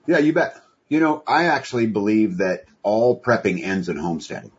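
A man's voice: lowish voice, very animated, normal speed, slightly rough. A man talking as a guest in an interview, earnest and folksy with many fillers. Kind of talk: conversational interview. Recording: dull lo-fi audio.

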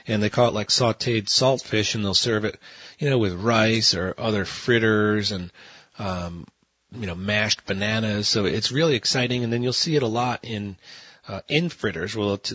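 A man's voice: lowish voice, a bit bright, breathy edge, no room sound. A man chef answering as an expert guest in a casual podcast, talking in a rambling, enthusiastic way with many fillers, on slightly dull lo-fi audio.

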